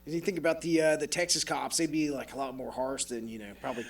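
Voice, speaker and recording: Fast-talking man host, off-mic. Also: on the high side, creaky, far from the mic. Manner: quick follow-up questions and short agreements. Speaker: podcast host. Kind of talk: casual interview chat.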